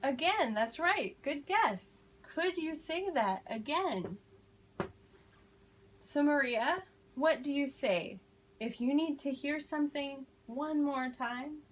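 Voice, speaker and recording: Woman teacher, kinda high voice, talks real slow n clear to her class, faint room hum behind. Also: low-quality recording. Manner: slow, deliberate modeling of phrases, encouraging praise. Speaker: ESL teacher.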